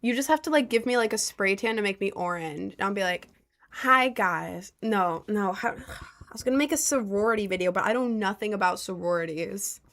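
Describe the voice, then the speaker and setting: A woman's voice: medium pitch, a little fast. A young woman streamer in casual chat, rambling, jokey and self-mocking.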